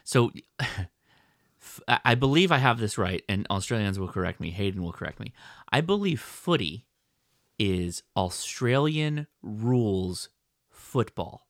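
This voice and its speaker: A man's voice: on the low side, lively intonation, measured pace, dry recording, studio quality. An American man co-hosting a podcast, talking in a playful, rambling way and often correcting himself. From United States. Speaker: podcast co-host. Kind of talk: casual chat.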